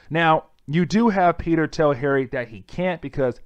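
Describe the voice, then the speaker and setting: A man's voice: a little high, moderate pace, hardly any pauses, smooth, no echo. A man casually recapping a comic book plot for viewers in a chatty style. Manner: chatty, repeatedly addresses viewers as guys.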